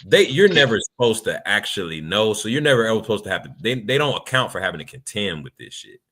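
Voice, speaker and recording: A man's voice: fairly low pitch, sing-song, fast talker, fairly bright tone. A man co-hosting a casual chat, talking bluntly and emphatically with plenty of profanity. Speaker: podcast co-host.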